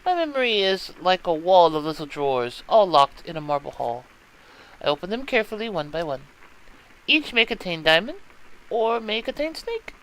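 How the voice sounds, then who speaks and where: A man's voice: high-pitched, big pitch swings, normal speed, fairly bright tone, clean tone, full character voice, poor audio. A man voicing a gloomy, fanciful schoolgirl, with stiff, formal, theatrical phrasing. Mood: melodramatic.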